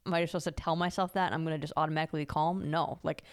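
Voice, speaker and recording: Young female podcast co-host, lowish voice, blunt and candid. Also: fairly even intonation, very fast. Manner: frank, candid, lightly self-mocking. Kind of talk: casual chat.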